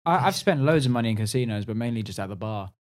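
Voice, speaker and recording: A man's voice: mid-range voice, animated, quick pace. A man in casual podcast chat, telling stories and teasing his friends.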